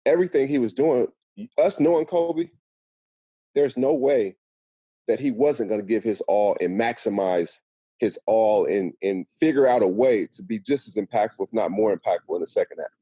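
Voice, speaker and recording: A middle-aged man from Seattle, telling stories as a podcast guest in a lively way and acting out what others said. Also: on the low side, normal speed, slightly rough, no room sound. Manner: animated storyteller acting out quotes. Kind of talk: casual podcast storytelling.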